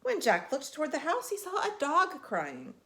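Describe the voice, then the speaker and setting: Lively woman reading a picture book aloud. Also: high-pitched, normal speed. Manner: expressive, animated. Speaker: storyteller.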